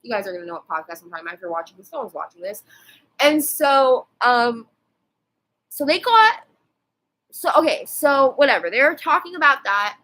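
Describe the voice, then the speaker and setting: Twenties woman, bright, slightly high voice; rambling, sweary vlog rant full of fillers. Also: big pitch swings, brisk, poor audio. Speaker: vlogger.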